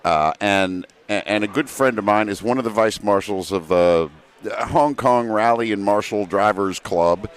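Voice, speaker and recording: A man appearing as a guest on talk radio, a former city councilman who talks in a calm, unbothered way and tells stories steadily. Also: fairly low pitch, unhurried, clean tone. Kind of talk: casual radio conversation and storytelling.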